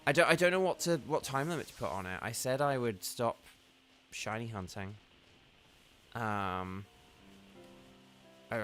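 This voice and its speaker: Brief: lower-voiced, tired male streamer chatting to viewers while he plays, soft game music under him. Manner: rambling, chatty, addresses viewers directly. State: tired, yawning. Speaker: gaming livestreamer. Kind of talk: casual livestream commentary while playing.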